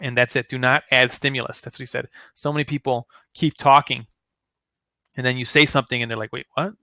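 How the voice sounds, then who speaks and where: A man's voice: mid-range voice, little pitch movement, brisk, bright, forceful tone, no room sound. A man giving a casual sales training talk, chatty and full of fillers, acting out sample phone lines. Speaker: network marketing trainer.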